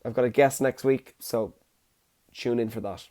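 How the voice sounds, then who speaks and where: Alone in his room, a young man from Ireland records his solo podcast on his phone, his medium-pitched voice dark in tone and fairly even at normal speed. He rambles casually, cracking jokes and poking fun at himself.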